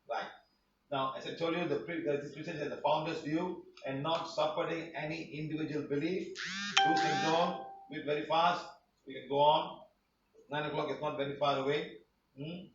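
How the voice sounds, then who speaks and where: A man's voice: on the high side, slight background noise. Man, healing class teacher, rambling, repetitive, echoey room, distant mic. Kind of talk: online class presentation. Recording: roomy, distant, dull sound.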